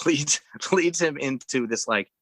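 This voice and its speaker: A man with a bright, forceful voice chats through a movie recap on a podcast, rambling and restarting as he goes. The sound is close and dry, with no room tone. He acts out bits of dialogue while he retells the plot. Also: on the high side, unhurried, dry recording, poor audio. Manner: rambling retelling with acted-out quotes, frequent restarts. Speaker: podcast co-host. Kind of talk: casual movie recap chat.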